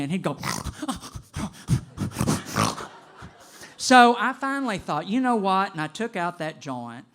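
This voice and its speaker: Older guy spinning a funny life story for a crowd, bright and clear voice, kinda high. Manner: animated and conversational, with vocal sound effects. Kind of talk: live personal storytelling to an audience.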